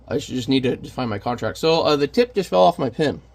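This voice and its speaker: A man's voice: medium pitch, animated, quick pace, creaky, darkish tone. A man who is a parent, chatting casually and candidly while painting on camera, rambling and self-deprecating. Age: adult parent.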